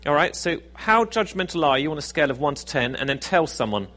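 A man's voice: a little high, lively intonation, quick pace, bright, forceful tone. A man preaching a sermon in a conversational, self-deprecating, jokey way.

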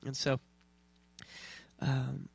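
A man giving an informal faith talk to a small group of artists, relaxed and rambling, with many fillers and restarts. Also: medium pitch, very slow, vocal fry, husky.

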